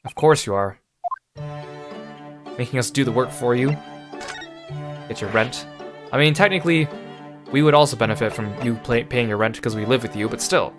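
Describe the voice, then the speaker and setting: A man giving offhand, wry commentary while he plays a story game on stream. His voice sits at a middle pitch, with game music playing clearly under him. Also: moderate pace, long pauses. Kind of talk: casual let's-play commentary.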